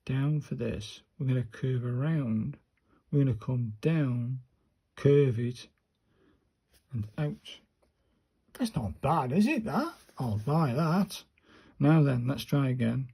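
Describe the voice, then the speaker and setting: A man talks slowly and casually to camera while he practises handwriting, calling out each stroke as he goes. His voice is dark and a little husky, with an unhurried, self-encouraging way of speaking. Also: mid-range voice, animated. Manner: slow, muttering step-by-step to himself and viewers.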